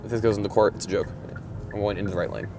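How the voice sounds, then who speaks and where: A man's voice: on the low side, steady tone, very fast, mellow, soft background music. A young man rambling casually and profanely while driving, griping with mumbled, exasperated energy. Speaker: vlogger. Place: in a car, driving. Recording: faint road noise in a car. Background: vehicle noise.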